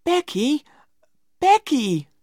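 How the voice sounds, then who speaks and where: A woman's voice: low-pitched, sing-song, slow pace, no room sound, studio quality, pitched above the performer's own voice, exaggerated voice. A woman voicing an eager, talkative young schoolboy in an earnest, pleading way for a read-aloud storybook.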